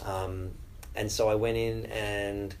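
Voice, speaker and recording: A man's voice: on the low side, flat delivery, slow, darkish tone, slight background noise, low-quality recording. Australian man chatting with many fillers. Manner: chatty, self-deprecating, with many fillers and restarts. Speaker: actor. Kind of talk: casual interview talk.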